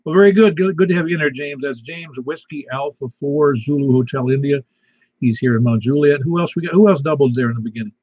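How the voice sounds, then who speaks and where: A man with a slight lisp runs a casual radio net, rambling through announcements in a husky, breathy voice. The audio is dull and lo-fi, like a radio feed. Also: fairly high pitch, quick pace, no room sound. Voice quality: slight lisp from a missing tooth. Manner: folksy, rambling announcements with fillers. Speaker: net control host.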